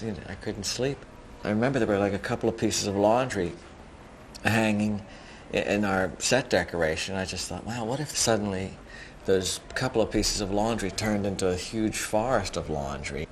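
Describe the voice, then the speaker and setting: Fairly low-voiced man telling film stories. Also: slight background noise. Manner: chatty, loose storytelling with fillers. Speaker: cinematographer interviewed. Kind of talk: documentary interview.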